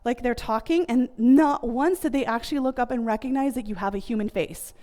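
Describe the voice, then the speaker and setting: American woman, thirties, casual talk, chatty with fillers, slightly high voice. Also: brisk, mellow. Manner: chatty, many fillers like "like" and "you know". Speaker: speaker giving a family communication talk.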